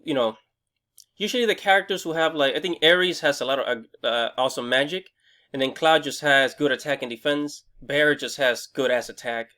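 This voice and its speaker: Excitable, rambling young man reviewing a game. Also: fairly high pitch. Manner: excitable, rambling, swears freely, many fillers and restarts. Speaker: gaming video host. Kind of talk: casual game review vlog.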